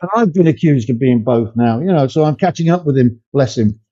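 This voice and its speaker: A man's voice: animated, brisk, mellow. An older man talking as a podcast guest, emphatic, his voice climbing when he makes a point. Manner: emphatic, rising in pitch when making a point. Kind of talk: conversational interview. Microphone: video call. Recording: muffled lo-fi remote call audio.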